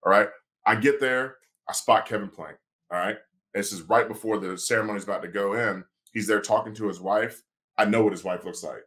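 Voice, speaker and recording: A man, a sports agent and lawyer, telling a story on a podcast in a casual, animated way and acting out the quoted dialogue. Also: on the low side, fairly quick.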